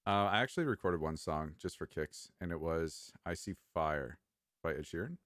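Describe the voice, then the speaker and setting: Lively low-voiced young man. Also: normal speed, no room sound, studio quality. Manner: teasing, joking. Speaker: podcast co-host. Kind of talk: casual chat.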